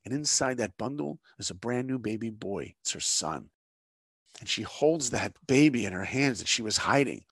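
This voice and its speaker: A man's voice: mid-range voice, lively intonation, moderate pace, breathy edge, dry recording, studio quality. A middle-aged man, a guest on a conversation show, telling a story in an earnest, preacher-like way and asking his listeners rhetorical questions. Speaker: guest, animation director.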